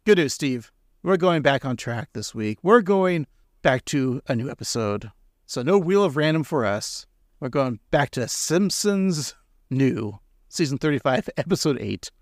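A man's voice: medium pitch, animated, unhurried, no room sound, studio quality. A man co-hosting a casual podcast, rambling and joking, laughing often. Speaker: podcast co-host.

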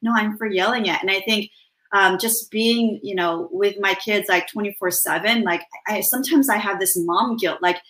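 A woman's voice: medium pitch, moderate pace, a bit bright. A mother talking reflectively in casual chat, with many fillers and restarts. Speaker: guest mother.

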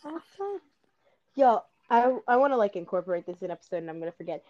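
A woman's voice: lowish voice, animated, very fast, darkish tone, dull audio, a little hiss or hum. A woman co-hosting a podcast, rambling and arguing emphatically in casual chat over a video call. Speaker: podcast co-host.

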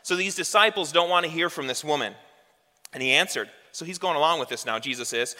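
A man preaching a sermon in a conversational way, tossing in rhetorical questions. His voice is fairly high and very bright, with a sharp edge. It rings out with a long reverb, as if in a large hall. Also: a little fast. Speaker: pastor.

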